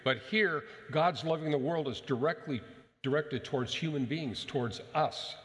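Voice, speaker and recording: With a fairly high voice ringing out in long reverb, a male pastor delivers his sermon emphatically and at a measured pace. He keeps asking the congregation rhetorical questions.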